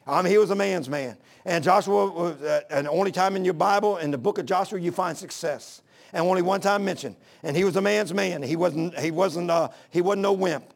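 High, gravelly-voiced fervent preacher man. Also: fairly quick. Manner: folksy, fervent preaching with plain everyday talk. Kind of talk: sermon.

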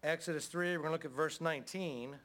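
A man's voice: fairly high pitch, fast talker, a bit bright. A middle-aged man preaching a sermon as pastor, in a folksy, conversational way with frequent calls of amen.

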